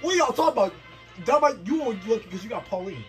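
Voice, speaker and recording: A young man, the son in a family game tournament, loudly mocking and heckling his father. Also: very high-pitched, animated, over music. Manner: loud, mocking, quick to heckle. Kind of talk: casual trash-talk over gameplay.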